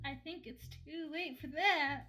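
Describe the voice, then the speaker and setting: A woman playing in a tabletop game, reacting in an excitable way with gasps. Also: high voice, measured pace, soft background music. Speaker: player.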